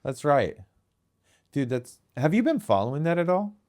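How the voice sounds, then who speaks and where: A young man co-hosting a casual comedy podcast, joking with a deadpan tone and laughing often. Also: fairly high pitch, normal speed. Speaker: podcast co-host.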